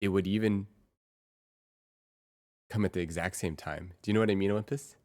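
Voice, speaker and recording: A young adult woman livestreaming in casual chat, excitable and quick to repeat herself in bursts. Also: very deep voice.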